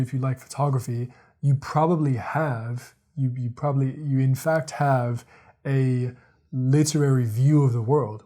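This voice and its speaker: A man hosting a podcast, thinking out loud in a rambling casual monologue, repeating words and using lots of fillers. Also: mid-range voice. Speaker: podcast host. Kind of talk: casual monologue, reading quotes aloud.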